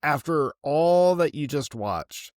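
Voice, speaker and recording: A man co-hosting a film podcast in casual chat, animated and laughing often, talking in long run-on thoughts. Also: fairly high pitch, takes it slowly, dry recording, studio quality. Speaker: podcast co-host.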